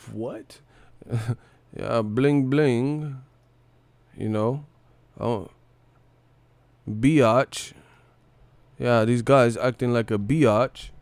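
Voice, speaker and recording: A man's voice: medium pitch, darkish tone, no room sound. A man hosting a casual boxing live stream, mocking and profane, laughing often between his jabs.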